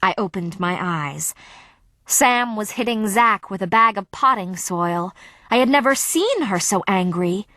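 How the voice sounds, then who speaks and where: A woman narrating an audiobook in a measured, expressive way on a close studio mic. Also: medium pitch, no echo.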